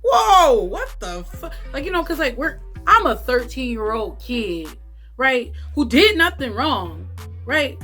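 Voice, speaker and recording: A woman with a somewhat high voice recounts a story to her viewers in a loose, chatty way. She swears freely and leans on "like" and "right?" as she goes. Soft music plays quietly behind her. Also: sing-song, unhurried. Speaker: YouTube storyteller. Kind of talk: casual storytime vlog.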